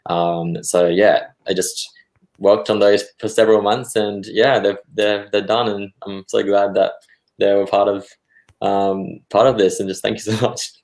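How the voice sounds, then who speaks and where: A young man from Australia speaks in a very low voice. He answers modestly and haltingly, with frequent fillers, as a guest on a video call. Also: fairly even intonation, darkish tone. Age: young adult. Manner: modest, hesitant, many fillers. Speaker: filmmaker guest. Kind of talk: casual interview answers.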